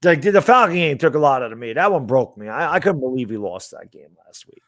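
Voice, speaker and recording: A man's voice: medium pitch, big pitch swings, quick pace, a bit bright, dry recording, clean studio sound. Exasperated man in casual sports chat. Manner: exasperated, rambling. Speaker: podcast co-host.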